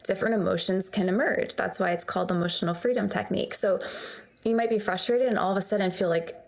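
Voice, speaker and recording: A woman guiding a tapping session in a calm, soothing way, then explaining it. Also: medium pitch, quick pace, vocal fry. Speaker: tapping practitioner, guest.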